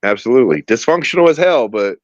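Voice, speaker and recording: A man's voice: mid-range voice, big pitch swings, quick pace, lo-fi sound, a loud crowd. A man, a former student of the guest, speaking casually and stumbling over repeated words. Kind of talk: casual conversation.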